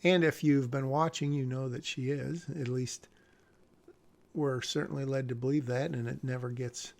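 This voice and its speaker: Gravelly, rambling man talking through his script. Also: medium pitch, fairly even intonation, moderate pace, darkish tone. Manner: rambling, self-interrupting, chuckles at himself. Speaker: screenwriter vlogger. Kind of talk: casual commentary while screen-sharing a script.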